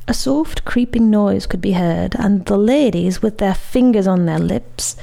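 A woman reading a story aloud in a measured, expressive manner. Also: mid-range voice, creaky. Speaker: story reader.

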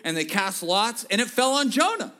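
A middle-aged male pastor preaching a sermon, telling a story in a hushed voice and then rising to shouts. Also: sits high, big pitch swings, moderate pace.

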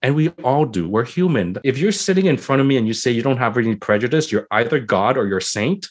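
A man's voice: medium pitch, animated, fairly quick, slightly rough. A middle-aged man, a family and emergency doctor, explaining earnestly with rhetorical questions and acted examples. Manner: earnest, uses rhetorical questions and repeats "right?".

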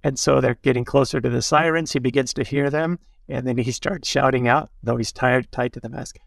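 A priest with a gravelly, textured voice speaks in a dry, close recording. He teaches reflectively and tells stories in a conversational way, tossing in little asides to his listener. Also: mid-range voice, normal speed, dry recording. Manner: storytelling, with asides like "huh?". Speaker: Jesuit priest, guest.

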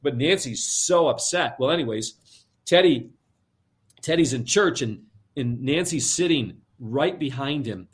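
A man telling a story on an interview show, lively, often repeating words as he goes. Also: medium pitch, unhurried. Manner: lively, repeats words, switches into character voices. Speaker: guest storyteller. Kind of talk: animated spoken storytelling.

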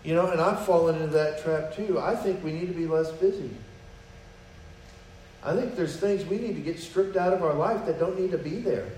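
A man's voice: fairly high pitch, moderate pace, a little mellow. Male pastor preaching in an echoey room. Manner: conversational preaching, acts out quoted prayers and dialogue. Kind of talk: sermon. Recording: roomy echo, mic from a distance, faint noise.

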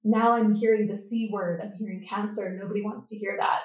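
A middle-aged woman, a guest on a podcast, telling her story and acting out the dialogue with lively energy. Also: mid-range voice, a little fast, roomy sound, poor audio. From Canada. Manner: lively, acts out quoted dialogue. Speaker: podcast guest, business coach. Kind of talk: storytelling interview.

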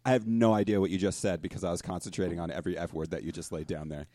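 Easygoing co-host, lowish voice, dry close mic, amused and teasing. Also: male voice, fairly even intonation, racing, warm tone, no echo. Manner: laid-back, laughs often, teases his co-host. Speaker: podcast co-host. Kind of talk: casual podcast chat.

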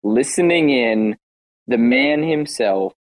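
A man hosting an online audio chat, lively and excitable as he hands the floor around. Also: medium pitch, takes it slowly, rough recording. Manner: lively, excitable, herding speakers. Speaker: host. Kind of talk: casual chat.

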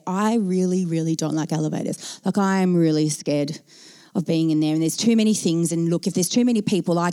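A woman telling a personal story to an audience, self-mocking and animated, acting out her own panic in quoted speech. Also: fairly low pitch, a little fast, clean tone. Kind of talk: anecdote told to an audience.

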